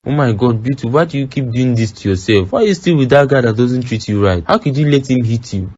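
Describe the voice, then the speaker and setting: A man's voice: mid-range voice, lively intonation, quick pace, a little mellow, highs cut off, natural voice. A man with a Nigerian accent voicing a blunt young man who speaks firmly and frankly to his friends. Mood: stern. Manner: firm, frank.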